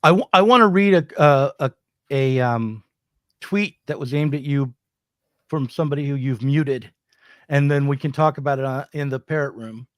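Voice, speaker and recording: A man co-hosting a political talk stream, speaking in a middle-pitched voice with frequent fillers and self-corrections. The sound is dry and close, with no room around it. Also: moderate pace, no room sound. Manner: hesitant, many restarts and fillers. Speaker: podcast co-host. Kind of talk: casual political discussion.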